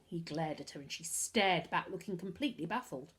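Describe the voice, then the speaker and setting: A woman reading a children's chapter book aloud in an expressive, animated way. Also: on the low side, fast, hardly any pauses.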